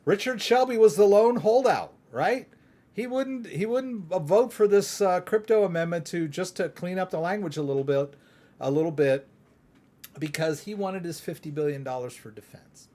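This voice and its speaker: Middle-aged guy from texas doing a live crypto q&a, kinda high voice, chatty and rambly. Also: normal speed, warm tone. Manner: chatty, rambling, keeps asking "right?". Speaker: crypto channel host. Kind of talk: live stream Q&A chat.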